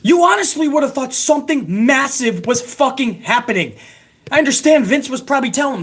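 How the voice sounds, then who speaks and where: A man's voice: very high-pitched, lively intonation, brisk, fairly bright tone, slightly rough. Foul-mouthed man ranting about wrestling. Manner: heated, sarcastic, heavy swearing. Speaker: wrestling show host. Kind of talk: profane ranting show recap.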